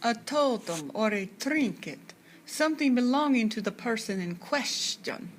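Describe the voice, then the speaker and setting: Woman doing a husky mock fortune-teller. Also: fairly high pitch, animated, slight background noise. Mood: mysterious. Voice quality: thick, husky put-on accent. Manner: slow, theatrical pronouncements. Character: girl putting on a husky foreign fortune-teller voice.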